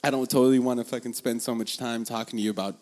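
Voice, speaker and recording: A man in casual chat, telling rambling, profane stories that turn animated when he gets excited. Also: medium pitch, very fast. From Los Angeles area, USA.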